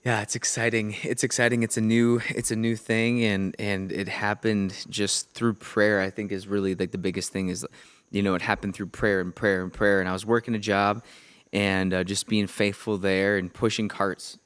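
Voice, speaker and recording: A young man from Minnesota, a podcast guest, telling earnest, lively faith stories in casual chat and acting out the voices of the people in them. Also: on the low side, normal speed, clear, resonant tone. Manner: lively, acts out voices in his anecdotes, earnest. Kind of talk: animated storytelling in casual chat.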